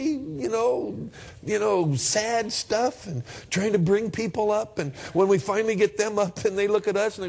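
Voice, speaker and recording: A pastor preaching a sermon, reading scripture aloud and then talking in a lively, conversational way, sometimes jumping high in pitch to act out everyday exchanges. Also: male voice, normal speed, gravelly, breathy edge.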